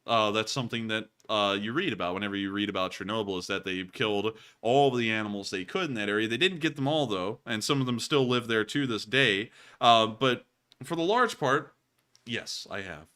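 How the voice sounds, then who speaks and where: A man hosts a live stream, answering viewer messages in loose, rambling talk packed with fillers and repeated sign-offs. His voice is on the low side, pushed and bright, with a clean tone.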